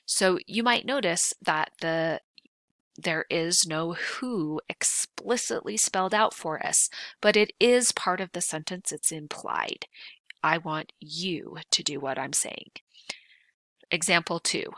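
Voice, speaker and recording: A middle-aged woman teacher giving a video grammar lesson, explaining patiently and clearly, slowing down to stress key points. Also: on the low side, fairly bright tone, no echo.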